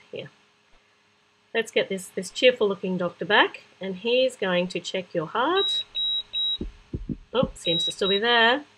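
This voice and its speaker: A woman's voice: mid-range voice, slightly rough, low-quality recording. A woman chattily narrating a children's app playthrough, talking to the little characters and adding sound-effect words. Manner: chatty, talking to toy figures, sudden excited squeals, sound-effect words. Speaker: kids' app demonstrator.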